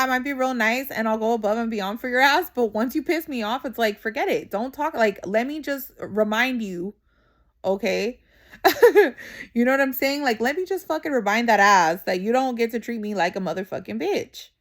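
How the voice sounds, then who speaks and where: A young adult woman with a voice on the high side vlogs straight to camera in a casual venting monologue. She's blunt and profane, heavy on slang, constantly tossing in "you know what I'm saying."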